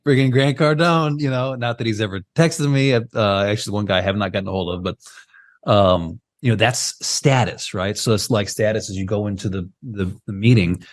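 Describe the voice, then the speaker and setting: A man with a lowish voice talks through a video call in a loose, animated podcast chat. He keeps tagging his points with a quick "right?" and rolls from one idea to the next. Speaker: podcast co-host. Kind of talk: casual chat.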